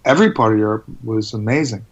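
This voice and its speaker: A man telling stories as a guest in a casual interview, rambling and animated, with restarts. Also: on the low side, quick pace, lo-fi sound. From United States.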